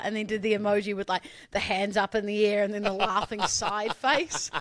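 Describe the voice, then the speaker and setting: A young man co-hosting a podcast, chatty and quick, telling stories and teasing back. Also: high voice, steady tone, fairly bright tone. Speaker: podcast co-host. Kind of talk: casual banter.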